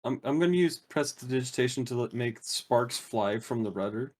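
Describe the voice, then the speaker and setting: A man's voice: medium pitch, normal speed, darkish tone. A man playing a tabletop game, speaking plainly with hesitant restarts. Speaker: player.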